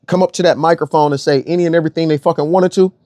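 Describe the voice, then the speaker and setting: A man's voice: fairly high pitch, fairly even intonation, racing, darkish tone, no room sound, clean studio sound. A young man delivering a blunt, profane rant as an online commentator, repeating phrases for emphasis. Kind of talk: ranting monologue.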